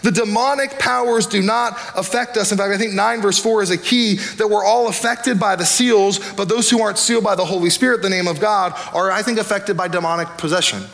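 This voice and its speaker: A man pastor preaching a sermon in an energetic, conversational way, with acted asides. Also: sits high, fairly quick, creaky, few pauses.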